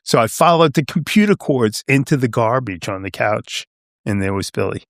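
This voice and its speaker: A man's voice: mid-range voice, expressive, normal speed, no echo, clean studio sound. A man in his seventies from Long Island, telling a story as a podcast guest, rambling and dropping "you know" and "right?" all the way through. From Long Island, New York. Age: 70s. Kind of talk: casual storytelling.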